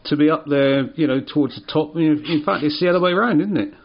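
Guy hosting local radio football chat, bit higher voice, echoey studio, kinda dull sound. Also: quick pace. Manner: chatty, relaxed, many filler ums and uhs. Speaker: radio sports show host.

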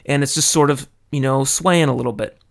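A man from California, animated and dramatic, telling a personal story into a close microphone. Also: medium pitch, a little fast, gravelly. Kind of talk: casual storytelling monologue. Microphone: close studio microphone.

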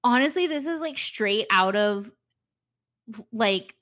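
A woman's voice: a little high, animated, slow pace, a bit bright. A young woman in casual chat, animatedly retelling a show's scenes and acting out the characters' lines. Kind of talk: casual chat recapping a show.

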